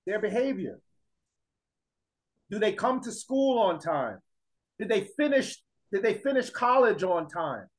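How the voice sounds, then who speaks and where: Emphatic male teacher with a high voice, lecturing and pressing the class with questions. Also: big pitch swings, measured pace, pauses often, poor audio. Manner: emphatic, repeats points, fires rhetorical questions at the class.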